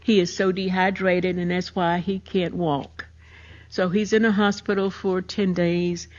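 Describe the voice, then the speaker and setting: A woman's voice: on the low side, flat delivery, measured pace. An older woman, hosting a podcast and emphatically telling a personal story of grief. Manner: emotional, emphatic retelling. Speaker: podcast host. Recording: muffled lo-fi recording.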